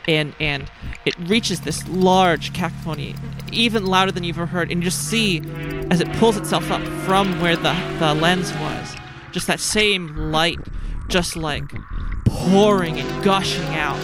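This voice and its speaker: A man serves as game master for a tabletop game, narrating haltingly with lots of fillers and false starts. His voice is pitched fairly high.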